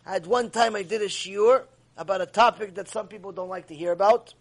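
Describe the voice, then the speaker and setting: A man giving an animated, emphatic ethics lecture as a Torah teacher. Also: high voice, a little fast.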